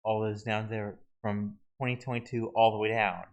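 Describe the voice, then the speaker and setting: A man walking viewers through a website search tool in a halting, casual screen-recorded tutorial, often restarting his sentences. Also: fairly low pitch, little pitch movement, low-quality recording. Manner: halting, many restarts and fillers. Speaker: video tutorial host.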